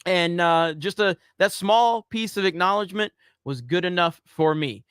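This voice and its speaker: Male commentary host, high bright voice, dry close sound, sarcastic. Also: moderate pace, clear, resonant tone, no echo. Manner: sarcastic, mock-earnest. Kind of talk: casual commentary.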